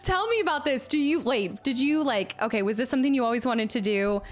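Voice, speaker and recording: A young woman streamer chatting casually with her viewers, bubbly and quick to laugh. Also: high-pitched, animated. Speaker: variety streamer. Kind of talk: casual live-stream chat.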